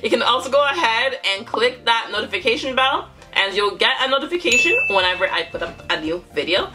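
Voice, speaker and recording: A young woman hosting a casual reaction vlog, giggling often and breaking into high exclamations. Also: animated, a little fast. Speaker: YouTube reaction host.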